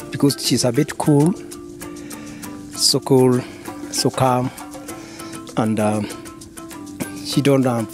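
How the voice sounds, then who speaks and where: Male keeper, mid pitch, halting explanations outdoors over clear music. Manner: halting, with repeats and fillers. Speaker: animal keeper. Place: outdoor wildlife enclosure.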